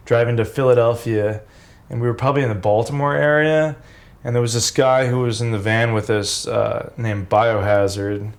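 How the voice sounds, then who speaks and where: A man's voice: fairly low pitch, gravelly. A man in his forties, a former pro wrestler, casually telling road stories, laid-back and swearing freely.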